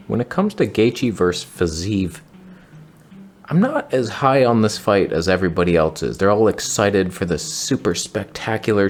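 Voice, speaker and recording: Lively, joking man talking fights. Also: lowish voice. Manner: joking, sarcastic asides. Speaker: podcast host. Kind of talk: casual fight-prediction commentary.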